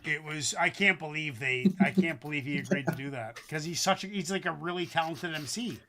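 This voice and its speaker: A man hosting a livestream, judging a rap battle in loose, animated talk with some swearing. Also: fairly high pitch, a little fast. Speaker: host. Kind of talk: casual livestream commentary.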